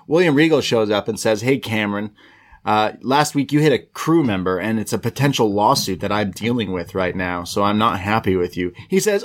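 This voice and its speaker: A man's voice: lowish voice, normal speed. Man recapping a show in casual chat. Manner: retells scenes acting out quotes, relaxed. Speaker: podcast co-host.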